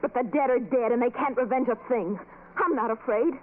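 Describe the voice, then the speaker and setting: Lady doing a jumpy young woman, pleading and snappish, high voice, tinny old radio. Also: brisk, slight background noise, lightly acted. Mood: anxious. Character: frightened young woman trying to stay brave. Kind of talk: 1940s radio acting.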